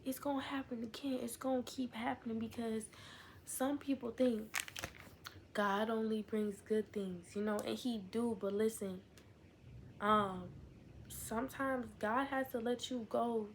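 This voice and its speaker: A woman's voice: on the high side, slight background noise. A young woman vlogging in casual, candid chat, rambling on with asides and fillers.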